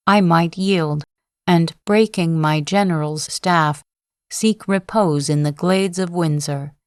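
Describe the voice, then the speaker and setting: For a sleep-story audiobook, a woman reads the part of a proud male general swearing long, solemn oaths of defiance. Her voice sits lowish and sounds natural, moving slowly and evenly in impassioned, declamatory oratory. The sound is dry, close, and free of echo or room sound.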